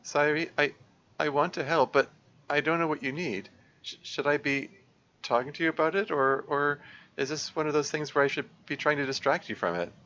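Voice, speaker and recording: A man's voice: on the high side, normal speed, bright, forceful tone, dull audio, voice pushed up. A man voicing an anxious, caring teenage girl who stammers and pleads, reading a visual novel aloud. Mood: worried.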